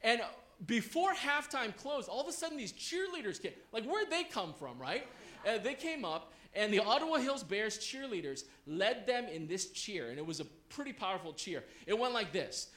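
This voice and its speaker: A man preaching a story-led sermon before a congregation, animated, often checking in with listeners. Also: high voice, normal speed, reverberant.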